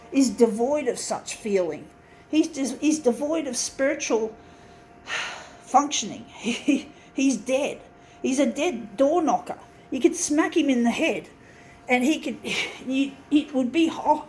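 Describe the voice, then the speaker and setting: A woman's voice: high voice, a little hiss or hum, rough recording. A woman vlogger ranting to her camera, swearing, sighing and exasperated, recorded on a camera mic indoors beside an office copier. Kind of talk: angry rant to camera. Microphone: camera mic, set down nearby.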